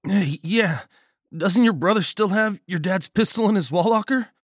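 A foul-mouthed, joking young male soldier, as a male narrator puts him on in a horror audiobook. He shouts in a pitched-up, strained voice, loud and full of swearing. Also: normal speed, no echo, clean studio sound. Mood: eager.

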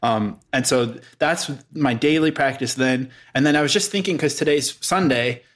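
A man's voice: mid-range voice, normal speed. A man chatting as a podcast guest, reflective and a bit self-aware as he rambles. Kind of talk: casual podcast chat.

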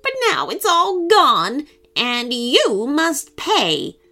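A woman voicing a mean old female witch with a croaky voice, speaking slowly and menacingly in a children's story. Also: high-pitched, wildly swooping pitch, pushed and bright, soft background music, pitched above the performer's own voice, exaggerated voice. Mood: gloating. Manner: slow, gloating and threatening. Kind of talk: storybook character voice.

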